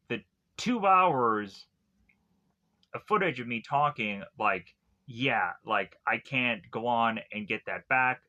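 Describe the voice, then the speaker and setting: A man's voice: mid-range voice, bright, forceful tone, lo-fi sound. A man reviewing a TV series in a rambling casual way, looping back through fillers and restarts. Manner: meandering, heavy use of fillers and restarts. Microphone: tablet recording.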